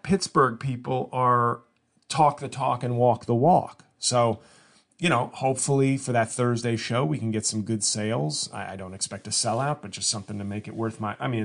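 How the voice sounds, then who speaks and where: A man hosting his own comedy podcast from a home studio, talking casually and rambling with lots of restarts. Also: mid-range voice. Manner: rambling, self-interrupting, mock-whiny when imitating fans. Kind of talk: casual solo podcast monologue.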